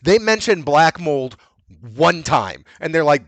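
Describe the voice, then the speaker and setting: Man, podcast host, fairly high voice, profane animated movie recap, dry close sound. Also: slow, no echo. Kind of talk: casual movie recap chat.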